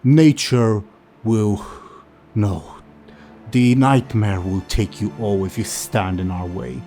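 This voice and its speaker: A man voicing an ominous male nature keeper who speaks in slow, solemn pronouncements. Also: on the low side, fairly even intonation, warm tone, soft background music.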